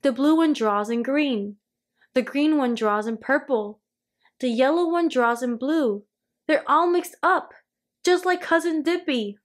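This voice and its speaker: A woman voicing an eager, cheerful little girl witch who chants rhyming spells in a bright, excited way. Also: sits high, a little slow. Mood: puzzled.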